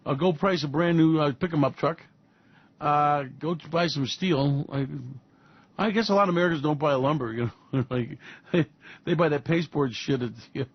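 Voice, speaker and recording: A man's voice: on the high side, husky, dry recording. A man hosting a financial commentary show, talking in a sarcastic, profane, mocking way. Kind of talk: market commentary. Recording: dull lo-fi audio.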